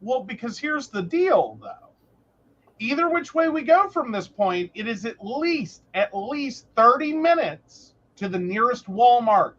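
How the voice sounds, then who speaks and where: A woman co-hosting a casual chat, telling stories in an animated way and acting out the people in them. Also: on the high side, a little slow, highs cut off. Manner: animated, storytelling with lots of voices. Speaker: podcast co-host, psychic.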